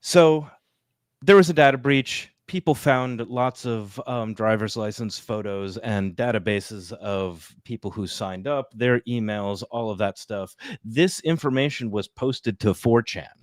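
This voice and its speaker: A man's voice: on the low side, unhurried, no room sound, clean studio sound. A man co-hosting a podcast, talking casually with fillers and asides. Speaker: podcast co-host.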